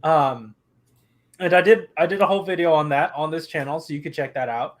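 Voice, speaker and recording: A man co-hosting a casual live-stream chat, blunt and excitable. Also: on the high side, fairly quick. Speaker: podcast co-host.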